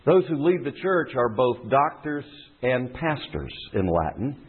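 Male pastor, lively teaching sermon, husky, thin phone-like sound. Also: medium pitch, unhurried. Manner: teaching, explanatory, repeats phrases for emphasis.

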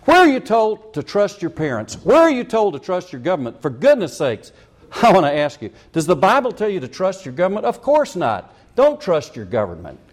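A man's voice: high voice, wildly swooping pitch, a little fast. Folksy older man preaching a sermon. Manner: folksy, conversational preaching with asides and rhetorical questions. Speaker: pastor.

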